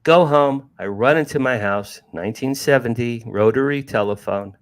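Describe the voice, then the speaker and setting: A man's voice: mid-range voice, normal speed, clean tone. A man in his sixties from New Jersey, an author guest telling a story animatedly, often restarting and repeating words. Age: 60s. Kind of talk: casual storytelling.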